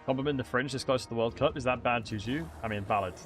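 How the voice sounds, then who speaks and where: A man's voice: mid-range voice, fast, fairly bright tone, soft background music. Chatty man streaming a game. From England. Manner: rambling, chatty, many fillers and restarts, reacting to chat. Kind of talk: casual gameplay commentary.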